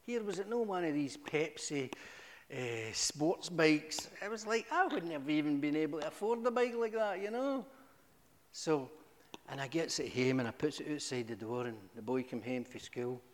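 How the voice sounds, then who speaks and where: A middle-aged man giving a humorous, animated testimony to a church, with sudden high exclamations. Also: moderate pace. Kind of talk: storytelling testimony. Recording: echoey hall.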